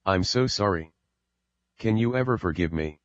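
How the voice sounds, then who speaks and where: A man's voice: low voice, expressive, normal speed, no echo, dull audio. A man voicing a remorseful, timid young son who pleads and apologizes, in an audiobook reading. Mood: ashamed.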